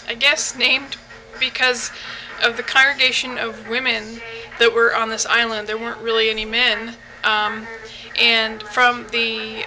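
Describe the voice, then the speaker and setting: A woman's voice: on the high side, sharp tone, slight background noise, rough recording. A young woman from the United States giving a casual video response, hesitant, with many ums and restarts. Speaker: vlogger.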